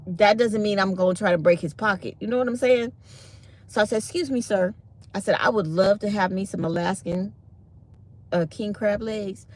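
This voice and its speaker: A middle-aged woman, hosting a live stream and chatting to viewers as she animatedly retells a conversation. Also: mid-range voice. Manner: chatty, animated retelling of dialogue, reads chat aloud. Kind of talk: casual storytelling to viewers.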